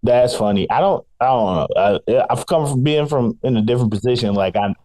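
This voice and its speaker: A young man co-hosting a casual podcast, playful and quick to laugh. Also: mid-range voice, lively intonation, warm tone. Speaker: podcast co-host.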